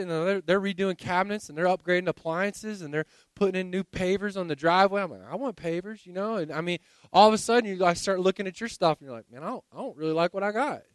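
High, smooth-voiced preacher. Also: male voice, dry recording. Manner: conversational preaching with frequent repeated words. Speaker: pastor. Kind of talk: sermon.

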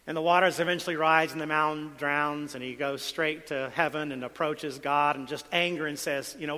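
Male pastor, bright, ringing voice, sermon delivery with dramatic soft-loud swings, church hall reverb. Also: on the high side, steady tone, fairly quick, hardly any pauses. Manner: dramatic shifts between soft asides and loud emphasis.

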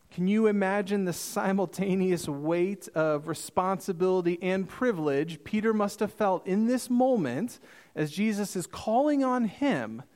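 A man preaching a sermon as pastor, earnest and emphatic, slowing down for quoted scripture. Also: sits high, a little mellow.

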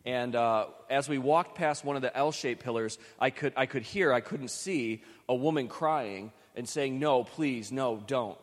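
A man's voice: mid-range voice, a little slow, few pauses, in a large hall. A man from Western New York preaching a sermon, telling a story in a chatty, self-deprecating way with frequent restarts. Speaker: pastor.

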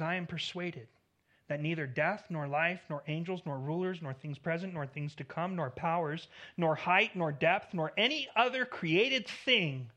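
This pastor's voice is high and bright as he delivers an earnest sermon. Key points come out louder, phrase endings sink soft, and occasionally he restarts by repeating a word.

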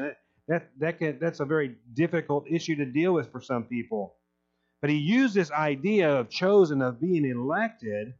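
Male pastor preaching a sermon, emphatic delivery, slightly raised pitch, muffled lo-fi recording. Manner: emphatic, reads scripture aloud then explains it. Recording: dull lo-fi recording.

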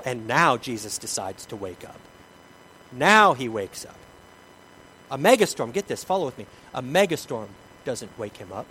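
A man preaching a sermon, telling the story dramatically and moving between loud passages and hushed ones. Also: fairly high pitch, slight background noise, rough recording. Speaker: pastor.

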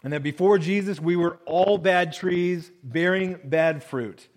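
A male pastor giving a sermon in a conversational way, reading verses and then explaining them, often dropping low and soft on key phrases. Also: unhurried, poor audio. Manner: conversational preaching, reads scripture then explains with acted-out voices.

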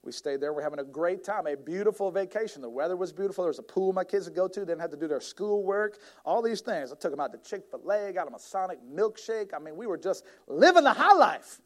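A man in his thirties preaching a sermon as a pastor, animated, acting out whiny complaining voices with big jumps up in pitch. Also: quick pace, few pauses.

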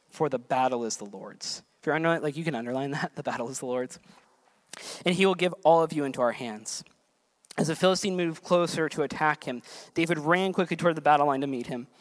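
A man preaching a sermon as a pastor, earnest, building to emphatic peaks and then dropping soft. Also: fairly high pitch.

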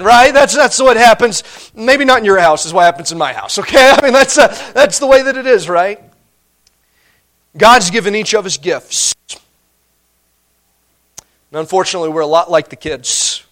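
A middle-aged man preaching a sermon as pastor, conversational and animated, laughing often. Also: high-pitched, moderate pace, pauses often.

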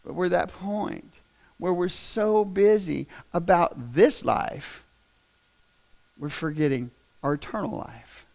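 Male pastor, fairly high gravelly voice, humorous storytelling sermon with loud emphatic peaks. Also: takes it slowly.

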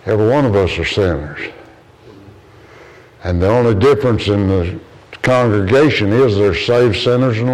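A man's voice: a little mellow, low-quality recording. A man preaching a sermon to a congregation in an earnest, storytelling way. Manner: earnest, storytelling, rises in pitch when quoting others.

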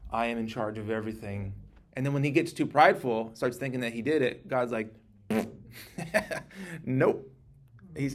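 A man leads a casual Bible class at a middling pitch, chatty and lively, slipping into little acted voices when he quotes a passage. There is a faint hum of room ambience behind him. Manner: conversational, animated, quotes scripture in acted voices.

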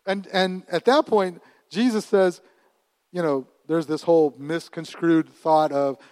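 A middle-aged male pastor preaching in a lively, animated way, his voice sitting a little high for a man. He laughs often between points and swings from near-hushed asides to loud declarations, repeating words as he builds. The recording is dry and close. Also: a little slow, no echo. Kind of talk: sermon.

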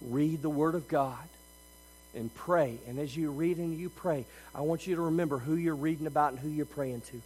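High-voiced preacher, loud then hushed. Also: male voice, moderate pace, breathy edge, long reverb tail, low-quality recording. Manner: swings between loud emphatic passages and quiet, low, intimate asides. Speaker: pastor. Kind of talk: sermon. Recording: faint mains hum.

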